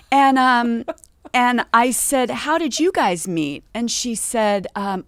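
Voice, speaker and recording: A woman's voice: on the high side, expressive, moderate pace, no echo. A middle-aged woman chatting as a podcast guest. She tells an anecdote with energy and acts out the dialogue she quotes. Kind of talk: casual chat, anecdote. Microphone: studio podcast mic.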